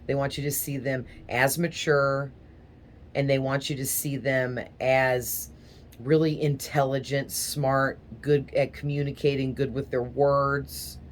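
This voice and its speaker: A woman's voice: extremely low pitch, flat delivery, unhurried, slight background noise. A woman giving a casual tarot reading, talking in a rambling, hesitant way with small stutters. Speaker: tarot reader.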